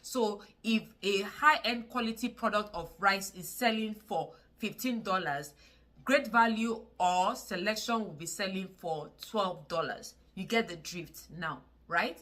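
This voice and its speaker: A woman's voice: medium pitch, pushed and bright. Earnest woman with Nigerian English accent. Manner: earnest and pleading, repeats words for emphasis. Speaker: vlogger. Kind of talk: casual to-camera vlog talk.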